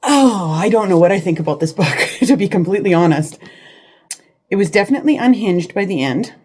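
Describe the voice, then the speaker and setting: A woman's voice: mid-range voice, expressive, a little fast, darkish tone, breathy edge. A woman chatting about books in a casual vlog from her living room, rambling and hesitant with many restarts. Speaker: book vlogger. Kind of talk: casual chat.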